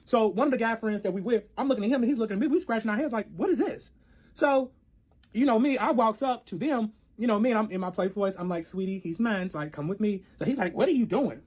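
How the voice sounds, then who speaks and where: Fast-talking animated storyteller man. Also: high-pitched, husky. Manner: animated, profane, acts out both sides of arguments. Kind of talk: casual storytelling.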